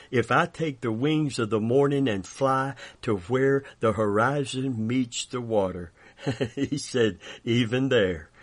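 A man delivers a sermon at a slow, unhurried pace, with a mid-range voice. He speaks earnestly and declares his points, stretching out key phrases for emphasis. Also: mid-range voice. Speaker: preacher.

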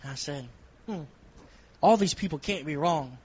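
A man's voice: a little high, moderate pace, breathy edge, highs cut off. A man giving an earnest testimony from the pulpit with a repetitive preaching cadence. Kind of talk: sermon testimony.

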